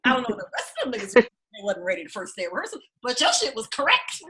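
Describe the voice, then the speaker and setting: A woman's voice: a little high, very animated, fast, heavy background noise. A woman teaching an acting class, telling blunt, profane stories and acting out the people she quotes. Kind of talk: class talk to students.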